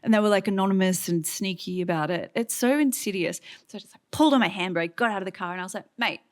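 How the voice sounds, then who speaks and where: A woman in her thirties with an Australian accent, a guest on stage telling a story in lively, chatty fashion with many fillers and acted-out quotes. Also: mid-range voice, fast. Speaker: guest author. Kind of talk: on-stage conversation. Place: stage event before an audience.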